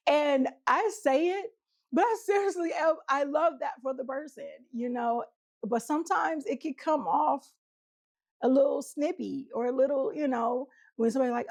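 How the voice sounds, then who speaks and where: Woman relationship coach, country twang, higher voice with a gravelly edge, casual talk, acts out quotes. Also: lively intonation, normal speed, darkish tone. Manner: chatty, laughs often, acts out quotes. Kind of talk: casual monologue to camera.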